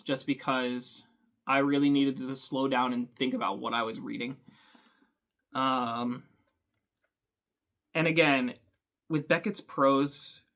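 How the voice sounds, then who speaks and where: A man hosting a book channel, talking thoughtfully to camera with frequent ums and pauses. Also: medium pitch, sharp tone. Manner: thoughtful, hesitant, many ums. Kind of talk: casual talk to camera.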